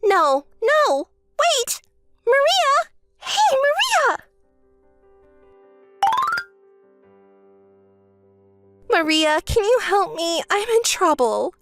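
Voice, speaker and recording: A woman's voice: very high-pitched, lively intonation, takes it slowly, fairly bright tone, dry recording, soft background music, voice pushed up, full character voice. A woman voicing a whiny younger woman who begs and complains in a dramatized texting story. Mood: desperate. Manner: desperate and begging.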